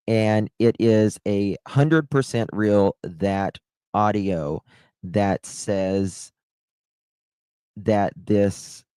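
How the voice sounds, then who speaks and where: Male live streamer, low-pitched, gossipy and amused, recorded dry and close. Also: mellow, clean tone, no room sound, rough recording. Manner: laughing, gossipy, swears. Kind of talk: casual live stream commentary.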